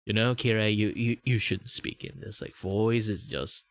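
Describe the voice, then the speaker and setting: A man from Malaysia with a Malaysian English accent, chatting slowly and methodically on a stream, rambling and swearing. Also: lowish voice, steady tone, no room sound, clean studio sound. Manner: slow, drawn-out, rambling with swearing. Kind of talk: casual stream chat.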